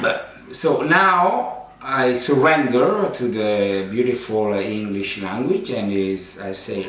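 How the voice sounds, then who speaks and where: A man's voice: fairly low pitch, slow, fairly bright tone. A man, a priest hosting a cooking show, chatting playfully with many ums and uhs. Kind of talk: casual cooking demonstration. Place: kitchen. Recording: very echoey room, distant mic, faint noise.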